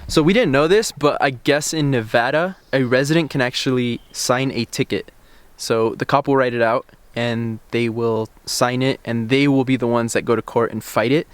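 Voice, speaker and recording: A man's voice: medium pitch, moderate pace, few pauses, clean tone, dry recording. A young man hosting a car vlog, casually telling a story outdoors and acting out bits of quoted dialogue, recorded on a camera-mounted shotgun mic. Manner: relaxed, chatty, retells events with quoted dialogue. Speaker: car channel host. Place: outdoors by parked cars.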